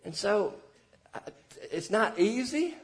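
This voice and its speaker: A young pastor with a notably high voice delivers an earnest sermon to parents. He urges and exhorts, then drops to quiet, almost hushed asides before rising again. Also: very animated, slow pace.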